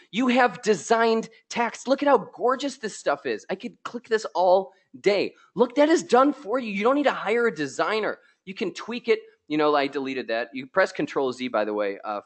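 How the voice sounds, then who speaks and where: A man hosting a live software tutorial, excitable and chatty, joking with his viewers, a little tired from being ill. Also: high voice, normal speed. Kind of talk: live screen-share tutorial.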